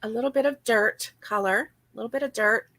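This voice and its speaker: Bright, chatty woman crochet host. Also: fairly high pitch, a little fast, no echo. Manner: chatty, giggly, greets viewers by name. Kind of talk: casual crochet-along chat.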